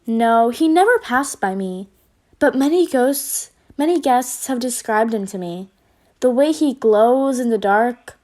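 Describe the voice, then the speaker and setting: Grave male mouse doorman, as a woman puts him on, earnest, high pitch. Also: lively intonation, measured pace, darkish tone.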